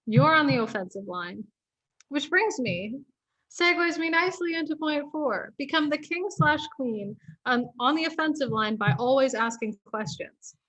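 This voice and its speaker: Laid-back woman, higher voice. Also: normal speed, poor audio. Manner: relaxed, laid-back, filler "like". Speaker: guest. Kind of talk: casual interview chat.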